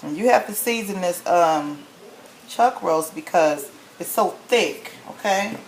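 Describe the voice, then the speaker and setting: A woman with a lowish voice and lively intonation shows how to make a dish at home, speaking at a measured pace. She's chatty and folksy and keeps checking in with "okay?" The echoey kitchen adds faint noise to the recording.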